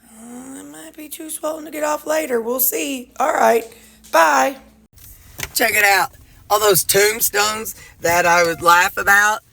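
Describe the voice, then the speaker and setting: A woman's voice: fairly high pitch, a little slow, gravelly, pushed and bright. A middle-aged woman chatting casually to her viewers in a rambling, folksy way, sprinkling in mild jokes. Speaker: vlogger.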